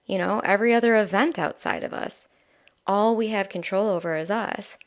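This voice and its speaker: A woman giving a live-streamed spiritual oracle reading, talking softly and chattily with many fillers and asides. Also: medium pitch, normal speed.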